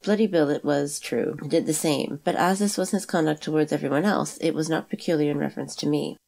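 Low-voiced woman reading a novel quickly. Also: gravelly, a little mellow. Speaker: audiobook narrator. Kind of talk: reading a classic novel aloud.

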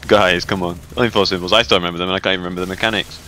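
A man's voice: sits low, fairly even intonation, racing, bright, forceful tone, slight background noise. A man, chatting casually and joking with heavy swearing while playing a raid with friends. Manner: profane, joking banter with frequent laughs. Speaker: gamer in a raid. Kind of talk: casual voice chat while gaming.

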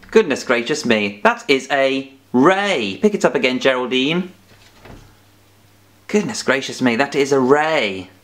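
A man's voice: fairly high pitch, a bit bright. A man teaching a children's phonics lesson, playful and coaxing as he drills letter sounds.

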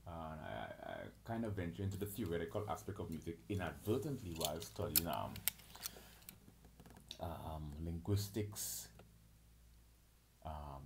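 A very low-pitched man lecturing alone, reeling off long lists of terms and tripping over his words as he goes. Faint clicks and a light hiss sit under his voice. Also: expressive, unhurried, creaky, pauses often. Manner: lists terms, restarts and stumbles often. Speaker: channel host. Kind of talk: rambling solo lecture.

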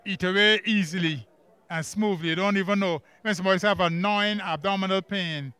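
Barbadian male Bible teacher, high crisp voice, drills the class with questions, dry close sound. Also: sharp tone, dry recording. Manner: quizzes the class with quick questions and emphatic repeats. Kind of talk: church camp workbook lesson. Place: camp classroom.

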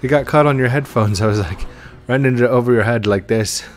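A young man hosting a gaming channel, giving chatty, excitable gameplay commentary with frequent exclamations. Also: mid-range voice, fairly quick.

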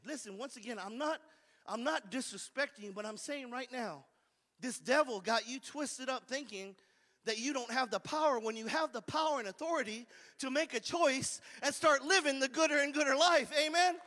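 A man's voice: extremely high pitch, normal speed, sharp tone, long reverb tail. A man preaching a fervent sermon as pastor, drawing call-and-response amens from the congregation.

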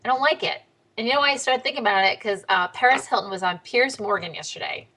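Bright-voiced blunt woman vlogger. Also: quick pace, a little hiss or hum. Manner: blunt, animated, swinging pitch way up for quoted voices. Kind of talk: casual video diary.

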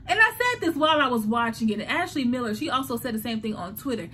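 Woman, high voice, casual recap host, animated delivery, faint background noise. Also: fast talker, hardly any pauses. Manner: animated, acts out characters' lines.

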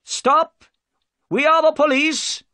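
A man putting on a high, humbled police inspector. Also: wildly swooping pitch, normal speed, dry recording, clean studio sound, full character voice. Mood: shouting. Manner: apologetic, earnest.

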